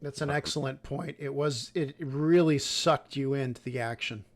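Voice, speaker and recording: A middle-aged man co-hosting a casual podcast, relaxed and plain-spoken. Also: medium pitch, normal speed. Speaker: podcast co-host.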